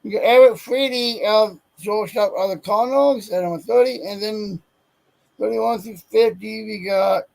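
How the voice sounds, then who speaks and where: A man's voice: high-pitched, normal speed, vocal fry, a little mellow, poor audio. A man hosting a casual sports talk show, reading off a list of names and often stumbling and correcting himself. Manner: stumbles over player names, self-correcting. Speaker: sports podcast host.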